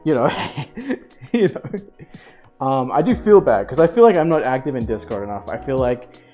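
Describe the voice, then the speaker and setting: A young man streaming, telling a story to his chat in a casual, animated way, swearing and laughing. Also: medium pitch, normal speed, faint music behind.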